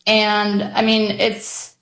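Slow-speaking woman guest in a roomy space. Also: mid-range voice, completely flat delivery, creaky, fairly bright tone. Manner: thoughtful, explanatory, with hesitations. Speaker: guest commentator. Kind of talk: conversational radio discussion.

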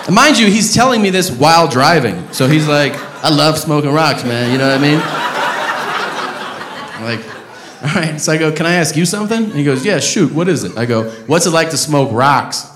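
A man performing a stand-up comedy set, loud and profane, breaking into shouted rants. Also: fairly high pitch, expressive, normal speed. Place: comedy club stage. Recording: roomy live club recording with audience noise. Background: audience laughter.

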